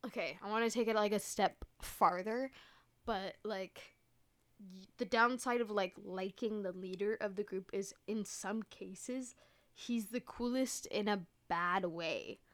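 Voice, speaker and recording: A woman's voice: medium pitch, a little slow. A young woman hosting a podcast, telling stories in a chatty, casual way, full of "like" and frequent swearing. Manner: chatty, swears often, heavy use of "like". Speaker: podcast host. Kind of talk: casual storytelling monologue.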